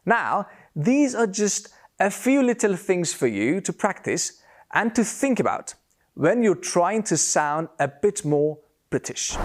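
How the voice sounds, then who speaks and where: Slow, lively-pitched male pronunciation teacher. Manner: slow, careful, demonstrates sounds by repeating words. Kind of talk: scripted lesson to camera.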